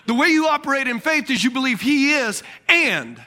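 A man preaching a sermon, asking the congregation questions, repeating key words and swinging between loud bursts and quiet lines. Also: extremely high pitch, expressive, normal speed. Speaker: pastor.

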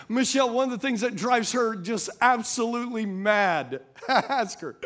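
A man with a strikingly high voice delivers a humorous sermon. He keeps it conversational and playful, using folksy slang and repeatedly calling on his listeners to agree with him. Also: a bit bright. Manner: playful, calls out to the audience for agreement.

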